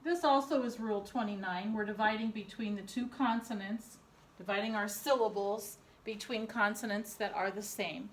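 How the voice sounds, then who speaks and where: A woman teacher dictating a spelling lesson to young pupils, slowly sounding out each syllable. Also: medium pitch, steady tone. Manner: slow, deliberate, sounding out syllables. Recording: echoey room.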